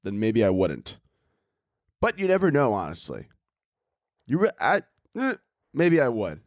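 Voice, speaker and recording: With huge pitch swings around a medium register, a young solo podcast host rambles unhurriedly through a casual rant full of crude jokes, laughing at his own bits and putting on mock posh voices for imagined waiters. It's studio quality with no room sound.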